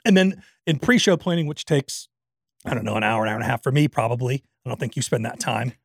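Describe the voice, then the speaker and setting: A man's voice: medium pitch, fast, creaky, no room sound, clean studio sound. A man co-hosting a podcast in a joking, self-mocking casual chat. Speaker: podcast co-host.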